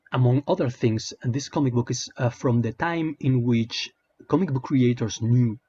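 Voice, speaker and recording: Brief: male online commentator, sarcastic rambling rant, slightly breathy voice, muffled lo-fi home recording. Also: medium pitch, a little mellow. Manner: hesitant, filler-heavy, sarcastic. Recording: dull lo-fi sound.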